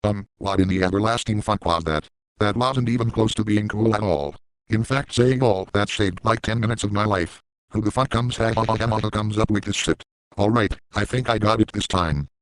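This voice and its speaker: A man voicing a crude, boastful middle-aged cartoon dad in a parody comedy video, speaking in a deadpan way. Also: fairly low pitch, moderate pace, dry recording, lightly acted, rough recording. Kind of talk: parody voice acting.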